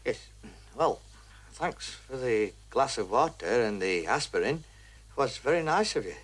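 An actor playing a smitten young man who earnestly flatters a woman in 1960s film dialogue. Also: medium pitch, a little slow, breathy edge, heavily acted. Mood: flattering. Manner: earnest, eager compliments. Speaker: film character.

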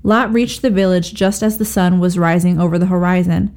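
A woman reading aloud from the Bible at a steady pace, lifting her voice for the quoted speakers. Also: a little fast. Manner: steady, expressive reading, lifts pitch for quoted speech. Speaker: scripture reader.

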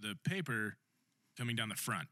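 Bright-voiced man telling a story, laughing. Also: lowish voice, expressive. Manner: laughing storyteller, rushed bursts. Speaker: podcast co-host. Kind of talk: casual chat.

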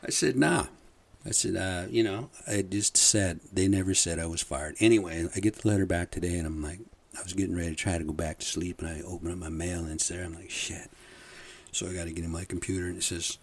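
Deep husky-voiced man rambling. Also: fairly quick. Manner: profane, rambling, chuckles often. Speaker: podcast host. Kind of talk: casual rambling monologue.

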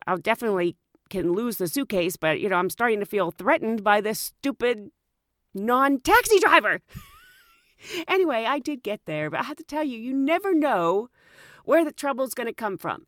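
Brief: chatty flight attendant woman, expressive storyteller, dry recording. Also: mid-range voice, no echo. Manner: animated, chatty, frequent "you know". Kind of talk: casual storytelling.

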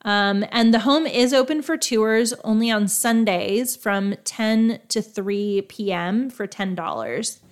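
A woman's voice: medium pitch, slow pace, few pauses. A young woman host talking casually about places she visited, chatty and prone to unsure asides and self-corrections. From Texas. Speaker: travel podcast host. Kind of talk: casual travel narration.

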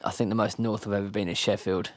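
A man's voice: lowish voice, fairly even intonation, fast, dry recording. A man co-hosting a podcast, chatting casually with a dry, teasing humour. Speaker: podcast co-host. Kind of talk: casual chat.

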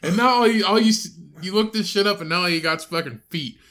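A man's voice: high-pitched, quick pace, pushed and bright. A man co-hosting a crude casual podcast, swearing constantly and teasing his brother. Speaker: podcast co-host.

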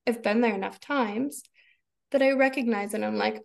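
A woman in her thirties with a somewhat high voice and a gravelly fry. She talks in a casual, expressive way, laughs often and acts out her own inner thoughts. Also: moderate pace. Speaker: podcast guest. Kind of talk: casual conversation.

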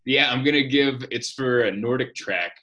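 Bright-toned joking man. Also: medium pitch, moderate pace, highs cut off. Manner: joking, wry storyteller. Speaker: comedian guest. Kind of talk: casual podcast chat.

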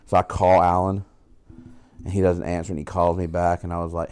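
A man's voice: deep voice, little pitch movement, fairly quick, a little mellow, clear, resonant tone, no echo. A man co-hosting a casual podcast. He swears freely, laughs a lot and tells stories in put-on voices. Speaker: podcast co-host. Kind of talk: casual chat.

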